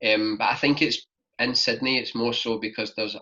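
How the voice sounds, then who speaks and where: Steady and moderately paced, the voice is mid-range with a pushed, bright quality. It belongs to a young man from Glasgow, Scotland, rambling casually through travel stories on a podcast, leaning heavily on "like," captured in dull lo-fi sound.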